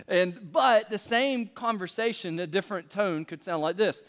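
A man's voice: high-pitched, expressive, normal speed, a bit bright, in a large hall. A man preaching a sermon in a casual, joking way, peppering his talk with fillers and stories. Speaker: pastor.

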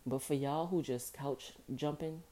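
A woman hosting a podcast alone, talking casually and informally with a rough morning voice, repeating phrases for emphasis. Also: low voice, fairly even intonation, measured pace, mellow. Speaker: podcast host. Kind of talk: casual solo podcast monologue.

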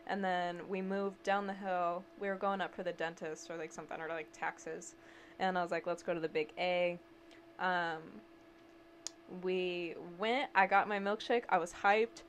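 A young woman co-hosting a podcast, chatting casually and telling animated stories with frequent laughter. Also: lowish voice, normal speed, a little hiss or hum. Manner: animated storyteller, laughs often. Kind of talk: casual chat.

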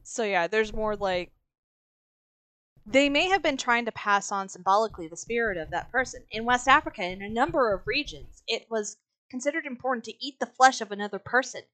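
A woman's voice: on the high side, expressive, a little fast, bright, forceful tone, dry recording. A woman co-hosting a podcast, chatting casually and reading quotes aloud in a blunt, sarcastic way, swearing freely. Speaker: podcast co-host.

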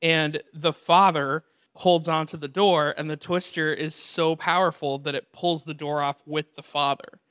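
A young man hosting a podcast, telling animated stories in a casual chat and acting out the voices in them. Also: a little high, measured pace, clean tone, no echo, clean studio sound. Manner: animated storyteller, acts out voices and laughs often. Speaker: podcast host.

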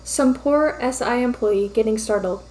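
Female fan fiction reader, fairly high voice, brisk and lightly amused. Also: darkish tone, rough recording. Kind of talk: scripted narration of fan fiction.

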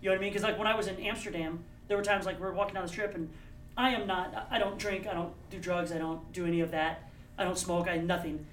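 A man chatting casually, telling lively travel stories with acted-out quotes. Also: sits high, background noise. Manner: fast, animated storytelling with acted-out quotes. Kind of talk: casual chat. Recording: roomy, distant mic with faint ambience.

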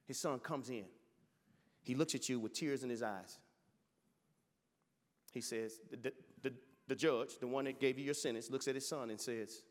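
A man's voice: mid-range voice, fairly even intonation, moderate pace, long pauses, in a large hall. A male pastor preaching with passion, telling a story and often restarting his words. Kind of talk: sermon.

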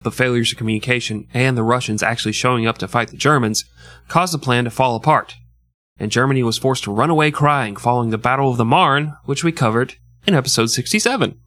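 A man's voice: mid-range voice, fast talker, fairly bright tone, no echo. A man hosts a casual history podcast, telling the story with crude jokes and frequent laughter. His voice sits in the middle range. It is recorded dry, close to the mic. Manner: crude, joking, laughs often. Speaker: podcast host.

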